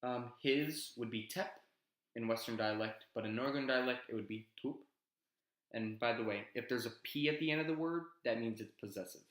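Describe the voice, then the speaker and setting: A man's voice: medium pitch, normal speed, fairly bright tone. A man casually teaching an invented language, rambling with self-aware asides. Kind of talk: casual video lesson. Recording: echoey room.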